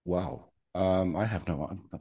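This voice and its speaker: A man's voice: low voice, takes it slowly, gravelly, dark tone, slightly rough, dry recording. A man in his sixties, answering interview questions in a reflective, hesitant way with many ums and wry humor. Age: 60s. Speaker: guest.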